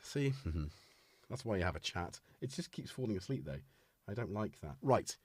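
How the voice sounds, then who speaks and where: A man with a fairly low, sing-song, slightly mellow voice hosts a casual livestream from his gear-packed home studio, speaking at a moderate pace while playing equipment. He rambles, chuckles, and talks to himself as he searches for things. The recording is dry, with music playing behind him.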